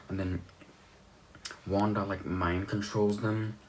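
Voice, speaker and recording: A man's voice: on the low side, flat delivery, unhurried, slight background noise. A young man giving a rambling, offhand recap of a movie's plot, swearing now and then. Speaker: movie reviewer.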